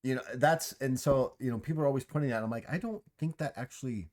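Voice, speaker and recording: A man's voice: mid-range voice, quick pace, darkish tone. A man hosting a casual chat, musing aloud with a rambling, restarting way of talking. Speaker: host.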